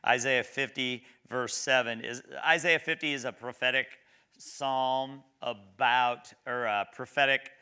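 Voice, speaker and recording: A man preaching a sermon, reading scripture slowly and emphatically, then talking conversationally and asking the congregation questions. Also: mid-range voice, steady tone, sharp tone, clear, resonant tone. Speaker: pastor.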